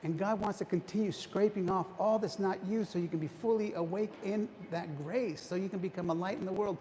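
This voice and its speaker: A man's voice: high voice, a little fast, mellow. Man, retreat speaker, preaching talk, quizzes the crowd, long church reverb, faint hiss. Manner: engaging, quizzes the audience, frequent restarts. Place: church hall. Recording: long hall reverb, faint background noise.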